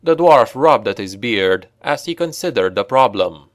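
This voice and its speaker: A man narrating a dark fantasy story in a steady, measured way. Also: mid-range voice, dry recording, studio quality. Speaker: audiobook narrator.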